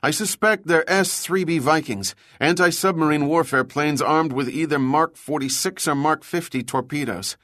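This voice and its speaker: A male narrator voicing an excitable young male weapons officer who rattles off technical talk with eager energy, in a storybook reading. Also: on the high side, moderate pace, hardly any pauses, no echo, clean studio sound, voice pushed up, natural voice. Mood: focused.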